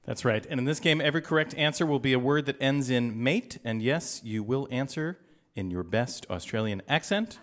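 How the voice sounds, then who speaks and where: A man's voice: medium pitch, animated, moderate pace, fairly bright tone. A man who co-hosts a live radio quiz as house musician, explaining games with wry teasing. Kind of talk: live quiz show co-hosting.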